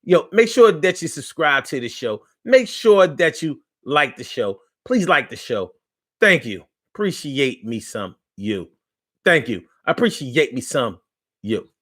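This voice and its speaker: A man's voice: a little high, very animated, measured pace, a bit bright. A man hosting a live online talk show in a casual, playful way, repeating phrases and reading viewer comments aloud.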